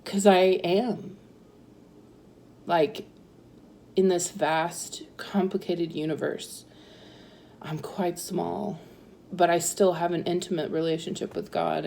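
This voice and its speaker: A woman's voice: on the low side, a little mellow. A woman in her thirties telling her personal story in a chatty way, full of fillers and frequent laughs. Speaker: interviewee sharing her story.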